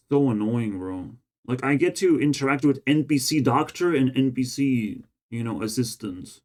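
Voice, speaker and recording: A man's voice: medium pitch, a little mellow. Brief: man, run down, rambling vlog monologue, exasperated and profane, mid-range voice. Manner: frustrated, profane ranting. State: tired and run down. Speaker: vlogger. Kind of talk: casual rambling monologue to camera.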